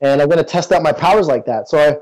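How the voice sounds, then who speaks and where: A man's voice: fairly high pitch, quick pace, darkish tone, poor audio. A man being interviewed as a guest, talking casually and earnestly, with many fillers and restarts. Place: in Toronto.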